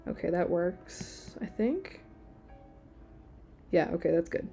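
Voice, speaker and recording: A woman's voice: on the low side, lively intonation, takes it slowly, gravelly, mellow, faint music behind. A woman in her thirties, chatting casually while she draws during a live stream. She rambles and uses a lot of filler words. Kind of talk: casual chat while drawing.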